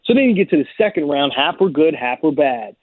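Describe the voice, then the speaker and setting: Man, basketball analyst, emphatic, confident, somewhat high voice, thin phone-like sound, dry. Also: expressive, a little fast, dry recording. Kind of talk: sports talk debate. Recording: tinny phone-like audio.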